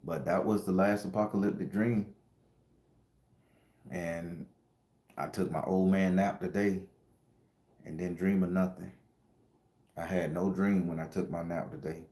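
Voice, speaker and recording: A man's voice: low voice, fairly even intonation, measured pace, pauses often, dark tone, roomy sound. A middle-aged man hosting a spiritual livestream, telling an emotional story in slangy casual talk and addressing viewers directly. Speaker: spiritual channel host and tarot reader.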